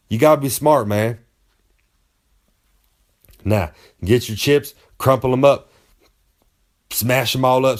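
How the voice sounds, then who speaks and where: A man holding forth in a comedic monologue, a wrestler handing out tips for life on the road. He brags and rambles in loose, folksy slang, with a voice at a middling pitch. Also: darkish tone.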